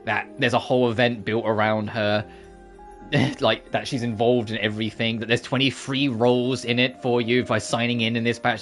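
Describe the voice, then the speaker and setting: A young man reacts to a game on a live stream in a loose, chatty way. He is openly emotional and laughs often, his voice sitting at an ordinary middle pitch. Faint music plays under his talk. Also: flat delivery, normal speed, a bit bright. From United Kingdom. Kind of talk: casual live commentary.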